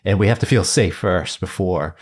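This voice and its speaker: A man hosting a podcast in casual chat, affirming his guests and thinking out loud with playful asides. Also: low-pitched, normal speed, slightly rough. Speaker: podcast host.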